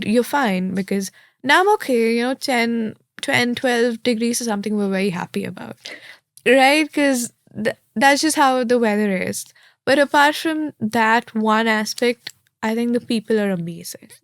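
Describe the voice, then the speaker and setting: A woman's voice: on the high side, no room sound. Young woman from India, candid, chatty, dry close sound. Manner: chatty and candid, acts out quoted thoughts. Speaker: interviewee, law graduate. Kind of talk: casual interview answers.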